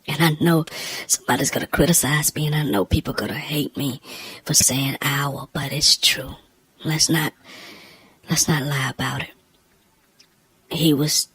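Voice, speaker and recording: Close to tears, a woman shares a personal story in a deep, husky voice that halts and often falls nearly to a whisper. The recording is rough but has no echo.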